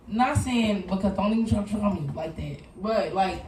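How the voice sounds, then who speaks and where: A woman's voice: mid-range voice, expressive, normal speed, darkish tone, recorded from a distance, a little hiss or hum. A young woman on a discussion panel, blunt and slangy, laughing as she talks. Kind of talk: casual panel debate. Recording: echoey room, mic from afar.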